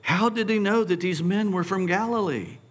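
A middle-aged man preaching a sermon, posing animated rhetorical questions and stumbling over repeated words when excited. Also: high-pitched, moderate pace. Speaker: pastor.

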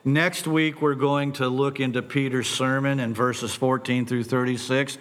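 Speaking at a slightly slow pace in a medium-pitched voice, a middle-aged pastor fires off lively rhetorical questions from the pulpit. His excitement sometimes trips him up, so he repeats words.

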